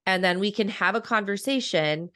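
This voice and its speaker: A woman's voice: medium pitch, moderate pace, pushed and bright, no echo, clean studio sound. A woman in her thirties, a coach and author, talking reflectively in a podcast interview and laughing often.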